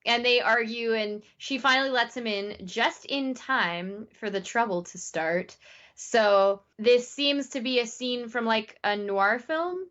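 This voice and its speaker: A woman co-hosting a podcast, recapping a TV episode in a casual, animated way with lots of fillers. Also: a little high, a little slow, muffled recording. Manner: animated retelling, many "like" fillers. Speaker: podcast co-host.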